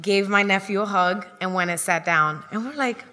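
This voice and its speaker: Bright-voiced woman telling a comic story. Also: medium pitch, moderate pace. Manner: lively, acts out the people she quotes. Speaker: stand-up comedian telling a story. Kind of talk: live comedic storytelling. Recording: long hall reverb.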